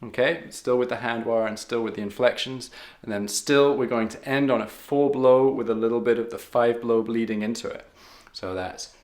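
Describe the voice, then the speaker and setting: A man's voice: medium pitch, steady tone, normal speed, a little mellow, roomy sound, a little hiss or hum. A man teaching harmonica in a patient, step-by-step way, counting beats aloud. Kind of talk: step-by-step music lesson.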